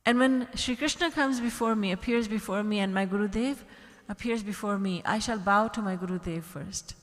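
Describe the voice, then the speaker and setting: Speaking at a moderate pace in a mid-range voice, a woman spiritual teacher gives an earnest devotional talk packed with rhetorical questions. The large retreat hall she's in adds a long reverb.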